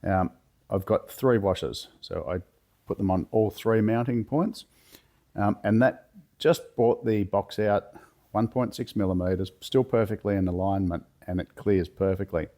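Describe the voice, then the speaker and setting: A man with a cold and a hoarse voice, talking through a car chassis rebuild step by step in a relaxed, plain-spoken way from his home garage. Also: on the low side, measured pace. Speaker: workshop builder demonstrating a chassis rebuild. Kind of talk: casual step-by-step how-to explanation.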